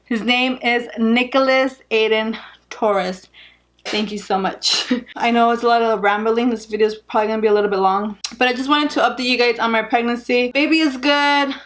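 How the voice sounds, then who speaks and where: A woman's voice: a little high, fairly even intonation, moderate pace, fairly bright tone. A young woman vlogger, heavily pregnant, giving a rambling, candid and chatty update with frequent laughs. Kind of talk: casual pregnancy update vlog.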